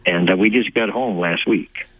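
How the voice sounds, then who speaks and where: Older Texan man, low and husky, animated guest storyteller who laughs a lot, heard over a tinny phone line. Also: normal speed. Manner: warm, laughing, enthusiastic storyteller. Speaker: guest actor. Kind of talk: phone interview, casual storytelling. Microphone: telephone.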